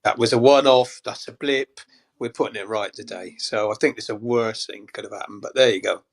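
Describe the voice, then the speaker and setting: A man's voice: lowish voice, fairly even intonation, fairly quick. A man, a guest on a casual football fan chat, easygoing and prone to repeating himself. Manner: easygoing, repeats himself, calls people mate.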